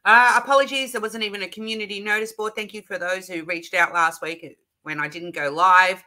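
Bright-voiced, bubbly Australian woman. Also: mid-range voice, steady tone, brisk. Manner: chatty, bubbly, laughs often, greets warmly. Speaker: livestream host. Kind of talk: casual live chat greeting viewers. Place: home craft room.

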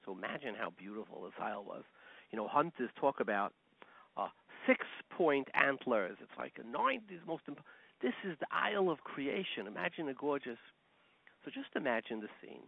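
A man's voice: medium pitch, very animated, moderate pace, vocal fry, breathy edge, dry recording. A man, a rabbi giving a Torah lecture, telling stories animatedly and weaving in Hebrew and Yiddish terms. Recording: tinny phone-line sound, dry.

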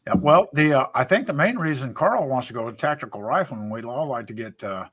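A man chatting casually as a guest, who stammers and lets his sentences fade out quietly. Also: medium pitch, lively intonation, a little fast, slightly rough. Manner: stammering, trails off quietly at phrase ends. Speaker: guest on a livestream. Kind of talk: casual chat. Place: at home.

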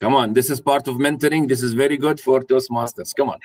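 A man's voice: mid-range voice, fairly even intonation, fast talker, a little mellow. A man speaking to a live audience at a mentoring workshop, putting questions to the room and acting out a parent talking to a child. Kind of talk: interactive workshop talk.

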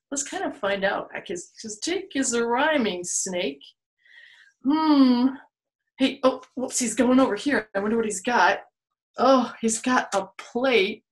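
A woman's voice: medium pitch, fairly bright tone. A woman hosting a children's storytime for an online video, playful and full of exaggerated exclamations. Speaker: children's museum storytime host. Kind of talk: children's storytime, told to camera. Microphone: video recorded for online viewing.

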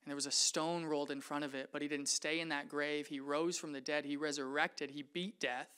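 A weary but steadfast apostle in chains, as a male preacher acts him out, talking in a relaxed, friendly way. His smooth, resonant voice sinks low and soft as he grows earnest. He sounds calm and sure. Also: fairly quick. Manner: laid-back, chatty, turning quiet and earnest.

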